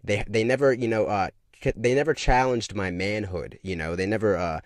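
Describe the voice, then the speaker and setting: Man, fairly low voice, emphatic casual rant with rhetorical questions, dry recording. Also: moderate pace, dry recording. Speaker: online commentator. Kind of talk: casual monologue.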